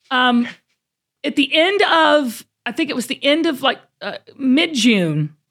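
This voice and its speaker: Lively middle-aged woman telling a story. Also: sits high, slow pace. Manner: animated, dramatic storyteller. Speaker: podcast co-host. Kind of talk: casual podcast storytelling.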